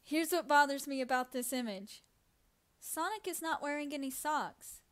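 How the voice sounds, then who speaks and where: A woman's voice: sits high, normal speed. A woman co-hosting a casual live stream, giggly and teasing, laughing often. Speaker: co-host reading chat questions.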